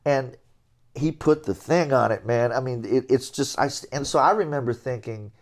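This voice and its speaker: Settled into a sit-down interview, a middle-aged jazz trombonist tells long, relaxed anecdotes about his years as a musician. His voice is average in pitch with a moderate pace, growing animated as the stories build, and he chuckles along the way.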